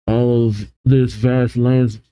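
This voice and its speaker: A man reading a manga aloud and voicing a hurried, grim stranger in a low, slow, ominous voice. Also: flat delivery, warm tone, clear, resonant tone, dry recording, natural voice, poor audio.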